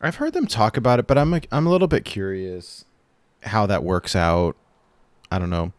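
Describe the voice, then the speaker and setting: A man co-hosting a podcast over a remote call, thinking aloud with halting restarts. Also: fairly low pitch, animated, no echo. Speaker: podcast co-host. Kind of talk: casual chat. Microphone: remote call mic.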